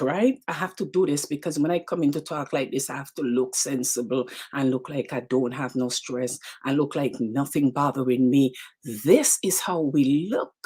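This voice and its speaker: Hosting a live motivational show, this Caribbean woman talks straight to her audience, stressing points and saying phrases again and again. Her voice sits low, a little mellow with a breathy edge, and carries a Caribbean English accent.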